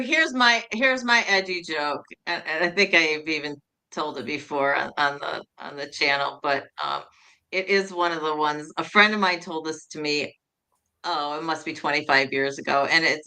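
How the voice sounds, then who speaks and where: A woman's voice: deep voice, moderate pace, pushed and bright. A middle-aged woman co-hosting a humor show, telling jokes in a rambling, self-amused way with many restarts. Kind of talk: casual joke-telling chat.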